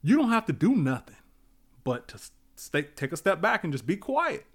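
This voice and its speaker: A man's voice: on the high side, sing-song, normal speed, slightly rough. A man giving a casual motivational talk, emphatic and repetitive, with many fillers.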